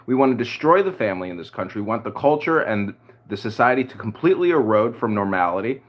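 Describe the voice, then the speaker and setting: A man's voice: mid-range voice, a bit bright. A man hosting a political podcast, talking in a heated, crude rant. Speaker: podcast host.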